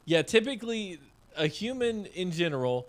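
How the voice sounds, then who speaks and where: A man's voice: high voice, very animated, moderate pace. A man co-hosting a podcast in casual chat, rambling and self-deprecating. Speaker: podcast co-host.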